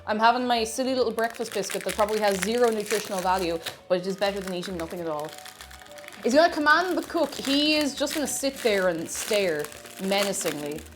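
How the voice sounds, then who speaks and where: A woman's voice: medium pitch, animated, fast, over music. A woman with an Irish accent chatting casually on a live cooking stream, reading out messages from viewers. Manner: chatty, reads out chat, lots of restarts.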